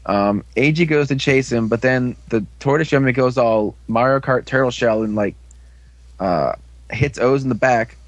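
A man's voice: mid-range voice, normal speed, no room sound. A man casually recapping an episode as a podcast co-host, rambling with lots of fillers. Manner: rambling, filler-heavy storytelling.

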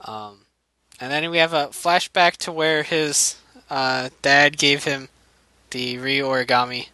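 Man, casual comedic recap, rambling, profane, bright, dry sound. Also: medium pitch, fairly even intonation, slow pace, no room sound, low-quality recording. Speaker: show recap host.

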